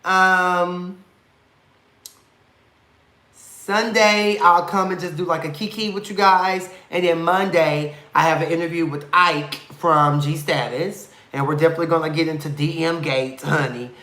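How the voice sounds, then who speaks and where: Man, bright voice, sassy, campy slang, swears freely, chatty live-stream host, echoey room. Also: fairly high pitch, fairly even intonation, measured pace. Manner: chatty and affectionate toward viewers. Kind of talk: casual live-stream chat.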